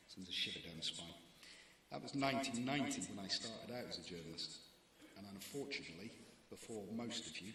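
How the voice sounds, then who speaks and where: A man's voice: fairly low pitch, bright, forceful tone, slight background noise. A man in his forties, a newspaper deputy editor, giving a wry, anecdotal talk to students. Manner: wry, anecdotal, lightly self-mocking. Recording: very echoey hall.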